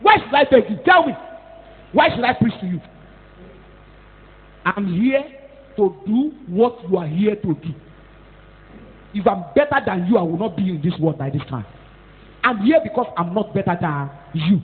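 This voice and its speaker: Animated Nigerian woman preacher. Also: a little high, normal speed. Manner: animated, scolding, shouts at times; mixes in Pidgin and Yoruba. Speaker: pastor. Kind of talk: sermon. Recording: tinny phone-like echoey hall.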